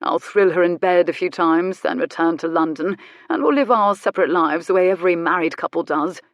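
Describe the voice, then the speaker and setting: A woman's voice: lowish voice, a little fast, dry recording, lo-fi sound, natural voice. A woman reading an audiobook, voicing a smug, cruel aristocratic man in a self-satisfied, sneering manner. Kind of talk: audiobook character voice.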